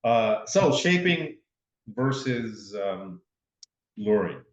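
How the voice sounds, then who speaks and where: A podcast co-host with a low, sing-song voice speaks extremely slowly, chatting casually and easily with short agreeing replies. The recording sounds dull and roomy.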